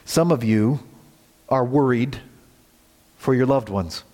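A man preaching a sermon as pastor, earnest, swinging from loud emphasis to hushed near-whispers. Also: mid-range voice, slow pace, big-room sound.

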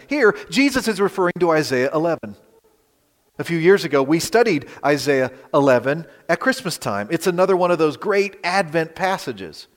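A man with a Western Pennsylvania accent preaches to his congregation in a high, lively voice, full of rhetorical questions and dramatic pauses. His voice rings with the long reverb of a church hall. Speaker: pastor. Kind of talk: sermon. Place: church sanctuary.

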